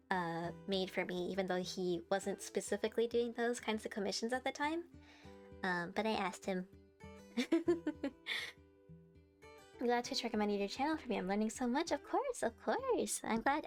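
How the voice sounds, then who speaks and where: A young woman streamer, bubbly and giggly, chatting and playfully teasing her viewers on a live stream. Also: medium pitch.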